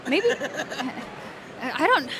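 Giggly woman with a bright sharp voice, chatting away, faint street noise behind. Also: high voice, big pitch swings, extremely slow, some chatter behind. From Alabama, US. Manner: bubbly and giggly, many fillers. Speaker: interviewee, voice actress and cosplayer. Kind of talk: casual interview chat.

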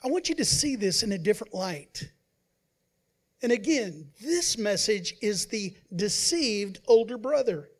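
Man, pastor, sermon, emphatic then hushed, acts out quoted voices. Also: high voice, sing-song, unhurried. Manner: swings between loud emphasis and quiet, hushed asides.

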